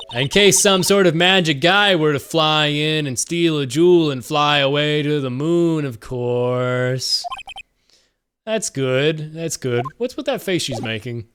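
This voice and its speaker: Jokey streamer guy reading game text, swears a lot, bouncy pitch. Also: background noise. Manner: playful, joking, swears and yells. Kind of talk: reading game dialogue aloud, casual.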